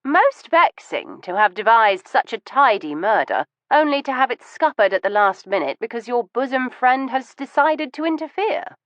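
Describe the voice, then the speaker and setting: A woman voicing a bold, sharp-witted Victorian adventuress who speaks coolly and pointedly. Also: a little high, sing-song, normal speed, few pauses, no echo, highs cut off, voice pushed up. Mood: probing. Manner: cool, pointed, mock-sympathetic. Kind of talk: audiobook reading.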